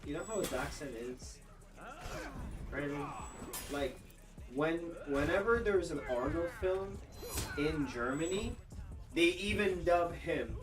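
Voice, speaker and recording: A man's voice: on the high side, expressive, slow, long pauses. A man hosting a casual chat, swearing freely and laughing as he riffs. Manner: profane, laughing, riffing. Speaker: host. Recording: distant mic with music behind.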